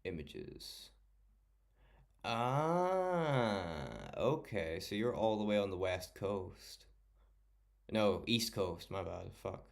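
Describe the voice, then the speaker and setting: Low-voiced streamer man, swearing freely. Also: lively intonation, very slow, vocal fry, pauses often. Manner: swears a lot, chatty, talks to chat by name. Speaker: livestreamer. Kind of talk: casual late-night stream chat.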